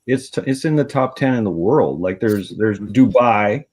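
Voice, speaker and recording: A man's voice: on the low side, lively intonation, moderate pace, darkish tone. A man on a video call, giving laid-back, matter-of-fact remarks in a casual group chat.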